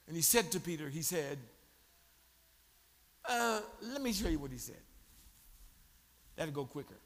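A man preaching a sermon as pastor, animated, joking and calling on the congregation to respond. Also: a little high, unhurried, long reverb tail. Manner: animated preaching with crowd prompts and humor.

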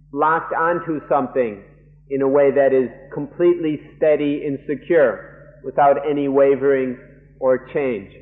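A male monk gives a live interpretation of a dharma lecture in halting, measured phrases, stopping and restarting often. His pace is very slow and his pitch middling. The sound comes from a narrow, muffled archival tape.

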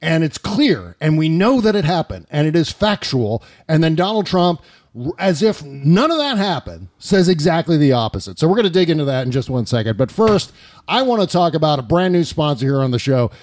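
A man's voice: on the high side, fairly quick. A middle-aged man hosting a casual political podcast, joking with guests and reading a sponsor ad in a loose, chatty way. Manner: animated, joking, reads an ad casually. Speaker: podcast host.

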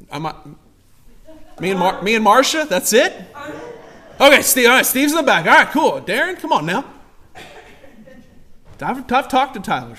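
A man's voice: very high-pitched, bright, forceful tone. A man in his forties preaching a church sermon, emphatic and conversational, repeating his key lines. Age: 40s. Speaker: pastor. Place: church service.

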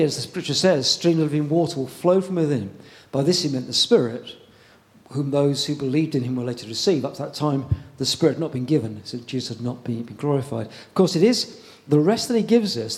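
A man preaching a sermon in a conversational way, pausing often and repeating words as he goes. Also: on the high side, a little mellow.

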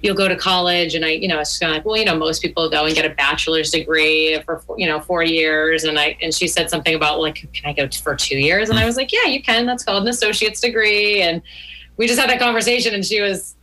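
A woman's voice: low-pitched, fast talker, sharp tone, rough recording. A woman co-hosting a money podcast in casual chat, chatty with many fillers. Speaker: podcast co-host.

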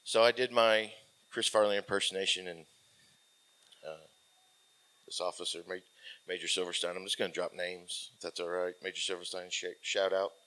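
A man in his forties, a military veteran guest, telling a casual rambling story full of fillers that often trails off softly. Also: low-pitched, steady tone, normal speed.

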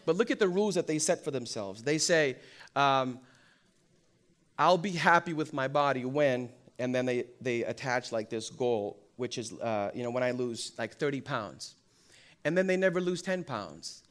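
A young pastor gives an animated sermon in a church hall, speaking at normal speed in a medium-pitched voice. He fills it with humorous stories, playing out quotes and jokes with great energy.

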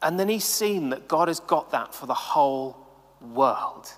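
A man preaching a sermon to the camera in a chatty, animated way, full of casual asides. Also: a little high, a little slow, big-room sound. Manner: animated, conversational, many "like"s. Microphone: camera mic.

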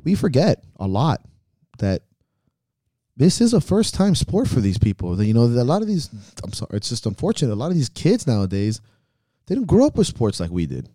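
Podcast co-host, male, profane and blunt, warm low-key tone. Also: wildly swooping pitch, brisk, no echo, studio quality. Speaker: podcast co-host, meet promoter. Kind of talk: casual chat.

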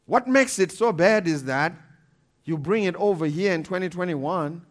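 High-voiced man preaching emphatically. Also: moderate pace. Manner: animated, emphatic preaching with laughs and repetition. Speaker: pastor. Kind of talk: sermon.

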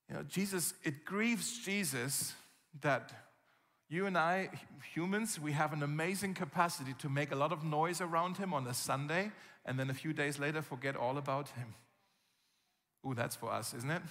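A man preaching a sermon as pastor, telling the story vividly and acting out scenes with gasps and shouts. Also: fairly high pitch, normal speed. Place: church hall. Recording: long reverb from a church hall.

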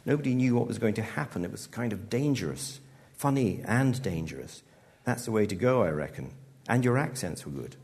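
Man reading a blunt cool young woman, matter of fact, lowish voice. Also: brisk, creaky. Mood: analytical. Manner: blunt, then calm and reasoning.

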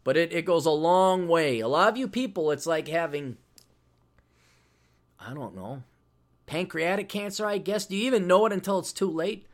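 A middle-aged man talks casually and bluntly on his podcast. His tone is brash and sarcastic, and he swears freely as he promotes his books. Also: fairly high pitch. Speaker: podcast host.

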